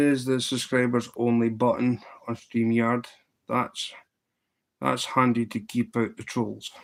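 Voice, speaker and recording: A man hosting a casual fly-tying livestream, chatting loosely as he answers viewer questions and tells jokes. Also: medium pitch. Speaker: livestream host. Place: indoors at a tying bench.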